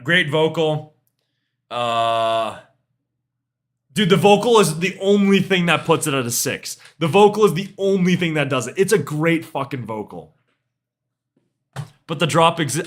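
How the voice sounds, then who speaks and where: Young male streamer, casual reaction chat, lively up-and-down delivery, somewhat high voice. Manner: laid-back, swears casually, trails off with "I don't know, dude". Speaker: streamer reviewing music.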